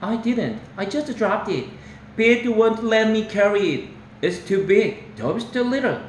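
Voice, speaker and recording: A man's voice: high voice, animated, unhurried, slight background noise, pitched above the performer's own voice. A man with a Korean accent voicing a young boy who is the little brother, in a storybook reading. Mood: whiny. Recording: roomy echo.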